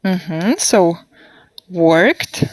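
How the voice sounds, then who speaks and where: A woman gives a demo grammar lesson, speaking at a very unhurried pace and drawing out each model sentence for her students to repeat. Her voice sits a little low and is recorded dry and close, with no room sound. She checks answers with short, encouraging prompts. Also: animated, no echo. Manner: slow, deliberate modelling of sentences for repetition. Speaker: English teacher. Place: online class.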